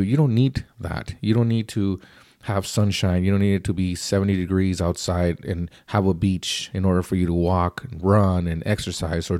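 A man's voice: deep voice, dark tone, no echo, clean studio sound. A man giving a casual, rambling spoken book review, often repeating himself and restarting sentences.

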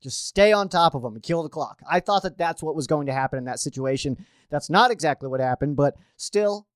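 A man's voice: on the high side, lively intonation, a little fast, smooth, dry recording, clean studio sound. A man hosting a sports show, talking casually and chattily with frequent restarts. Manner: chatty, restarts often, uses fillers. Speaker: sports podcast host. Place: at home.

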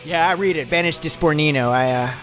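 Loud comic man at a tabletop game. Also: on the high side, quick pace. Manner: loud, comic, swears a lot. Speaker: player. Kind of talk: playing a tabletop game, in character. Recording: faint music behind.

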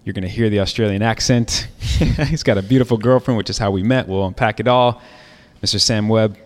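A podcast host introduces and interviews his guest in an upbeat, friendly, chatty way, dropping in plenty of fillers. His voice is fairly low and he speaks fairly quickly.

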